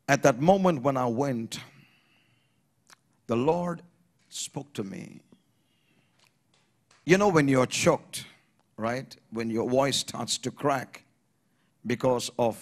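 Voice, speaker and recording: A middle-aged man from India preaching a sermon, telling an emotional testimony that moves from hushed tones to shouting. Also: on the high side. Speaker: pastor.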